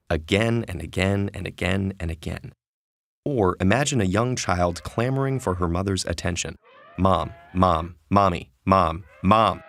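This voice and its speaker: Low gravelly male lesson narrator. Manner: calm, measured, slows for quoted verse. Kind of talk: scripted educational narration. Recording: soft music underneath.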